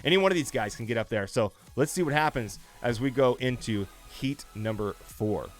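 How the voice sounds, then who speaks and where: A man giving energetic live play-by-play of a simulated drone race and chatting with viewers. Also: mid-range voice, moderate pace, faint music behind. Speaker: esports race commentator.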